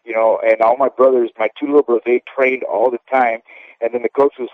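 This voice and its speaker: A medium-pitched man with a flat delivery speaks fairly quickly on a tinny, dry phone line with no room sound. He is a fifty-something ex-boxer being casually interviewed, talking candidly at length and often checking in with "okay?"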